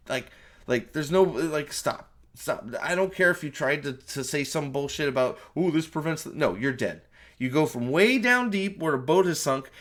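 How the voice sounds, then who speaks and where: A man's voice: medium pitch, a bit bright. Exasperated, profane man ranting about a movie. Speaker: movie reviewer. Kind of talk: ranting spoiler review.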